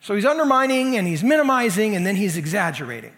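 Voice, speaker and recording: A man's voice: sits high, very animated, fast, a bit bright, big-room sound. A man preaching a sermon as senior pastor, talking to the congregation in a conversational and emphatic way. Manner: conversational, emphatic, leans into quoted voices.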